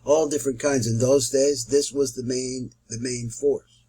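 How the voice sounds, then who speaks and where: A man's voice: mid-range voice, steady tone, measured pace, warm tone, slightly rough, low-quality recording. A man teaching a recorded Torah study lesson, explaining Hebrew and Aramaic quotations as he goes.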